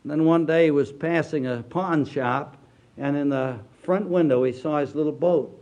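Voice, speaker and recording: An older man, a pastor, preaching a sermon, dropping low and quiet then rising loud with slow, drawn-out emphasis. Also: highs cut off.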